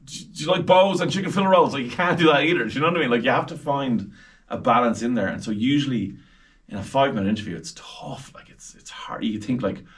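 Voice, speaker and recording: A man's voice: medium pitch, quick pace, distant mic. An Irish man, a radio presenter, chatting animatedly as a podcast guest about interviewing celebrities. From Ireland. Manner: chatty, animated, acts out quoted voices.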